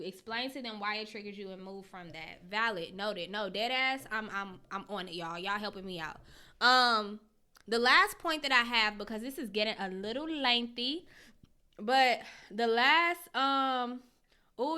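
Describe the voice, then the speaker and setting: A woman's voice: high-pitched, sharp tone, clear, resonant tone. A young woman hosting a casual livestream, reading out viewers' comments and answering them in slangy, candid talk. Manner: slangy and candid, swears freely; talks straight to viewers, greets them by name. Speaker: host reading live chat comments.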